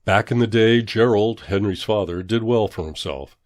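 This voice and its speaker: Low-voiced man reading horror fiction. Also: no room sound, clean studio sound. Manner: measured, dramatic reading. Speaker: storyteller. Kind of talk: scripted horror narration.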